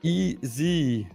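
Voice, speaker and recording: Joking male co-host, voice a bit high, quick bursts of chatter, faint music behind. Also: vocal fry, mellow, slightly rough. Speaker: co-host of live trading stream. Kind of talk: casual chat.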